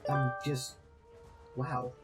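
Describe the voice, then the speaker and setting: A man voicing a quiet, hesitant, curious character while reading game dialogue. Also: mid-range voice, flat delivery, extremely slow, over loud music, pitched below the performer's own voice. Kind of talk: game dialogue read aloud by a player.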